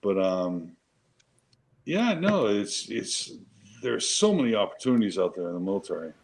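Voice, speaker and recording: Low-voiced man cursing his way through stories. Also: very animated, moderate pace, a little hiss or hum, poor audio. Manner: profane, emphatic, rambling with restarts. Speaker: show co-host, Marine veteran. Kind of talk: casual chat, storytelling.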